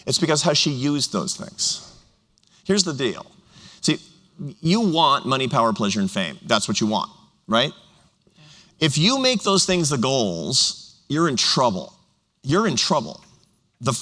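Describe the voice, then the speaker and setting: Animated middle-aged professor in a hall. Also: male voice, mid-range voice. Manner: animated, enthusiastic, quick asides. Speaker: professor and co-author. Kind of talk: onstage conversation. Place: large university auditorium. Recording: reverberant hall sound.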